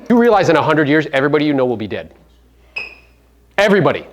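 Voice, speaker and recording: A man's voice: fairly high pitch, big pitch swings, very fast, long pauses, muffled recording, a little hiss or hum. A middle-aged man giving a brash, profane seminar talk, firing rhetorical questions at his audience. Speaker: real estate business owner giving a media talk.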